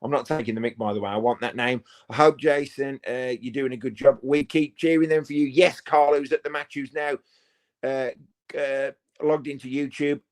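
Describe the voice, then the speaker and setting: A man's voice: mid-range voice, steady tone, moderate pace. A man, hosting a live football watch party in a casual, jokey way and reading out viewer comments. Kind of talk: casual live-stream chat.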